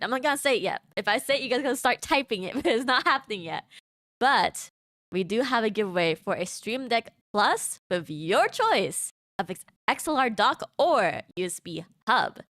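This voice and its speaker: A woman hosting a promotional livestream, energetic and chatty, talking straight to her viewers. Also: on the high side, no room sound, clean studio sound. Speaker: livestream host.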